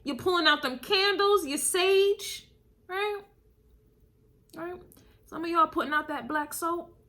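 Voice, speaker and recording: Very high-pitched, pushed and bright, a tarot and astrology reader takes it slowly during a casual spiritual reading. She is emphatic and repetitive, chuckling frequently and calling the listener baby.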